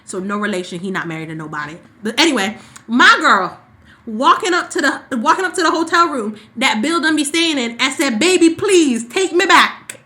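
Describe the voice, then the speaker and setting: A woman co-hosting a podcast, casually recapping a soap opera and acting out the characters' lines in quick, sassy asides. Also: a little high. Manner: animated storyteller who acts out characters' lines. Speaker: podcast co-host.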